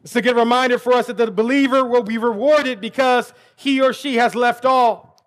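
High-voiced preacher man, emphatic. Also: fairly even intonation, normal speed. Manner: emphatic preaching, rising to near shouts; repeats words when he restarts. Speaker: pastor. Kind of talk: sermon.

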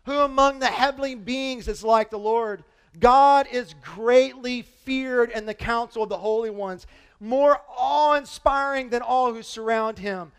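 A man preaching a sermon as pastor, animated and full of rhetorical questions, reading scripture aloud to his congregation. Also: very high voice, smooth.

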